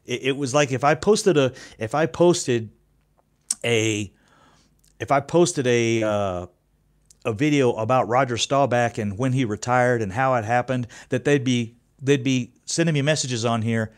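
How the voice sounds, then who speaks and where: A man's voice: mid-range voice, measured pace. Fifty-year-old man hosting a fan channel, chatty and profane, stumbles and restarts often. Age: 50s. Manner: rambling, profane, restarts sentences. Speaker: YouTube sports channel host. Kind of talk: casual fan commentary.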